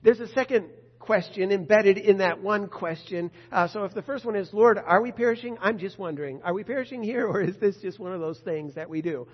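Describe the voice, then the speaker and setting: A man preaching a sermon in a conversational way, asking rhetorical questions with animated swings in loudness. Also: sits high, brisk, few pauses, husky. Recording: muffled lo-fi recording in reverberant hall.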